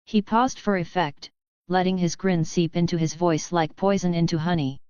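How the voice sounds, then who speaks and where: Smooth, low-voiced woman narrating. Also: steady tone, moderate pace, dark tone, no echo, highs cut off. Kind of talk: scripted audiobook narration.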